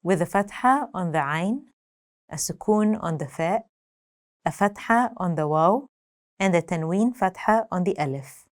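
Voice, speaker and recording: A woman giving a scripted language lesson, speaking clearly and deliberately, slowing down to say example words. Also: lowish voice, animated. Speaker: language teacher.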